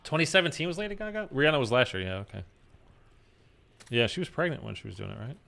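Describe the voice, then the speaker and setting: A man's voice: mid-range voice, expressive, fast, creaky, bright, forceful tone. Rambling man chatting mid-game. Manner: rambling, filler-heavy talk. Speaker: live streamer. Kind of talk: casual chat while gaming.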